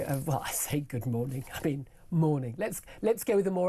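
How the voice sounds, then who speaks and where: Low, dark-toned British woman radio host with a gravelly cold, brisk and sardonic. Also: animated. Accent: British English. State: sniffly from a cold. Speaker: radio talk show host. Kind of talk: opinionated talk radio monologue. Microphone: studio microphone.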